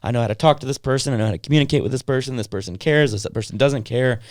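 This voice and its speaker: A man's voice: medium pitch, racing, dry recording, studio quality. A young man telling a story in casual podcast chat, acting out the people in it, swearing casually and using plenty of fillers. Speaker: podcast co-host.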